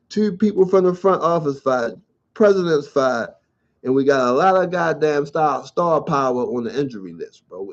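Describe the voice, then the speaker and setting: A man hosting his own sports talk show, ranting in loose slang and swearing freely about his team. His voice sits a little high for a man. The recording is dull and low-fi. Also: darkish tone. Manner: blunt, profane, ranting, conversational slang. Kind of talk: solo sports rant show. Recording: dull lo-fi sound.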